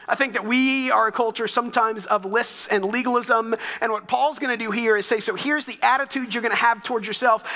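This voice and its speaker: A pastor with a Texan accent preaching a sermon in a conversational, storytelling way, with light asides. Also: male voice, sits high, bright, forceful tone, big-room sound.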